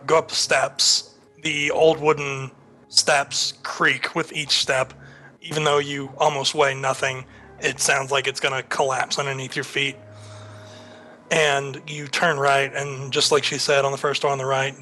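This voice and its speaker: A man narrating a tabletop game as game master, describing scenes in a measured way. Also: mid-range voice, sharp tone.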